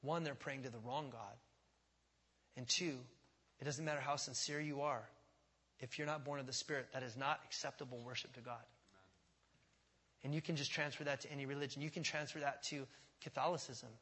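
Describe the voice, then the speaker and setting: A male pastor preaching a sermon in a church, emphatic and repetitive, swinging from quiet to loud. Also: mid-range voice, fairly even intonation, a little fast, pauses often, husky. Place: church sanctuary. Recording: long church reverb.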